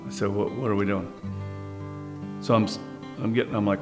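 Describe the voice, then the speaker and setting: A man telling a story about his grandfather in a relaxed, conversational way, with small restarts. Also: fairly low pitch, fairly quick, long pauses, music in the background. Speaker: grandson sharing a family memory. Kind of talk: interview storytelling.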